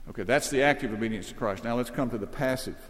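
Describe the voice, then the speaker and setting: A man preaching an expository sermon with earnest conviction, climbing to emphatic peaks and then sinking low and quiet. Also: quick pace, in a large hall.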